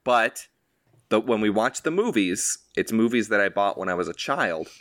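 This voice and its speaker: A man's voice: on the low side, lively intonation, normal speed, a bit bright, no room sound, clean studio sound. A man co-hosting a podcast in casual chat, rambling and joking at his own expense. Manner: rambling, self-deprecating, joking. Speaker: podcast co-host.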